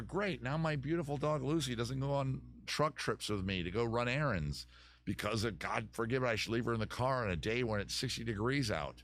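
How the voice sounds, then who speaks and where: A man's voice: lowish voice, brisk, fairly bright tone. A middle-aged man hosting a casual live stream, answering viewer comments in a rambling way, often restarting sentences and swearing casually.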